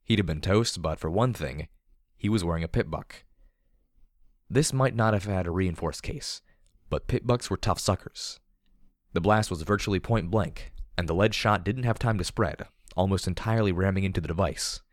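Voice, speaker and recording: A man narrating first-person fiction in a steady, measured reading voice. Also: low-pitched, no room sound, clean studio sound. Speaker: audiobook narrator.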